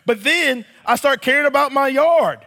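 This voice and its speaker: A man's voice: very high-pitched, normal speed, bright, forceful tone, long reverb tail. A man in his thirties preaching a sermon in church, telling a story animatedly and addressing the congregation as y'all. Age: 30s. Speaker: pastor.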